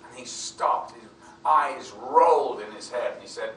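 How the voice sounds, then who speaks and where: A man telling anecdotes in a bright, forceful voice, jumping into other people's voices as he quotes them. He sits some distance from the mic in an echoey convention room, with faint noise behind him. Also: medium pitch, unhurried. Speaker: film actor interviewed as guest. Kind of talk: anecdotal storytelling. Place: convention venue.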